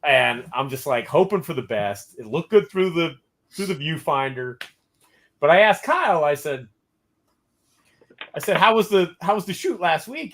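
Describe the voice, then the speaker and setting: A man hosting a podcast, telling a story in a casual way and quoting people in lively voices. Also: on the high side, normal speed, pauses often. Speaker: podcast host.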